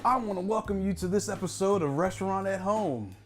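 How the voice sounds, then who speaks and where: A man's voice: high voice, fairly quick, soft background music, pitched above the performer's own voice, close to an everyday voice. A man putting on a hammy show host. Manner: exaggerated, hammy showman delivery.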